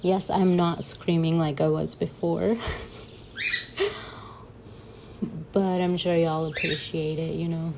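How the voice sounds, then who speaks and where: A young woman talks casually over her journaling footage, chatty and quick to laugh at herself. Her voice sits a little low with a gravelly, fry-tinged edge. A faint hiss runs under the recording. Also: flat delivery. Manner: chatty and giggly, self-mocking asides. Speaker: bullet journal vlogger.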